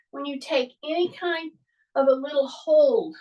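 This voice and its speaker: High-pitched lady fitness instructor, talks slow, cues breaths n moves while working out, sounds a bit far from the mic. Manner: encouraging, cueing moves and breaths while exercising. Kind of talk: coaching a live workout class.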